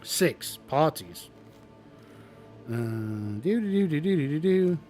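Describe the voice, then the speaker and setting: Casting: man narrating a solo tabletop game, hesitant and mumbling, lively pitch, faint music behind. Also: slow pace. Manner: mumbling, hesitant, muttering dice rolls.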